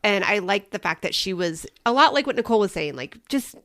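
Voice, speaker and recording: A woman co-hosts a podcast in upbeat, chatty conversation, leaning hard on the words she means. Her voice sits at a middling pitch, and the recording is dry and close. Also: expressive, fairly quick, fairly bright tone, dry recording. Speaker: podcast co-host. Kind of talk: casual chat.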